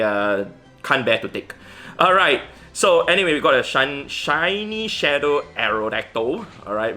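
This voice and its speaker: Bright-voiced man rambling over gameplay. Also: medium pitch. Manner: rambling, many fillers and restarts. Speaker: Pokemon GO vlogger. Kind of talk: casual commentary over gameplay.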